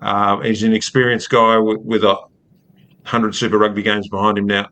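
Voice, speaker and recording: A man from Australia with an Australian accent, a rugby writer talking in a measured, hesitant way as a podcast guest. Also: fairly low pitch, little pitch movement, sharp tone. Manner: measured, hesitant, many fillers. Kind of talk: casual podcast chat.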